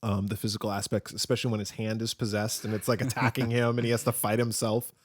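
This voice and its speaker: A man's voice: on the low side, little pitch movement, fast, no echo, clean studio sound. A man co-hosting a podcast, chatting casually and telling rambling, jokey stories. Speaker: podcast co-host. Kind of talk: casual chat.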